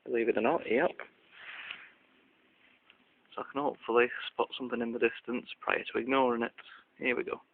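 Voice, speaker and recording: A man's voice: mid-range voice, flat delivery, brisk, pauses often. A man rambling through an outdoor video diary in a dry, self-mocking way. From Lancashire, England. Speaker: vlogger. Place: outdoors at a country park. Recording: tinny, lo-fi with faint hiss.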